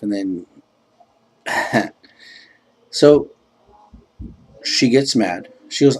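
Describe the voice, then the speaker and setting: A man's voice: on the low side, expressive, extremely slow, pauses often, breathy edge. A laid-back man casually telling a rambling personal story, filled with "you know" and self-described joking.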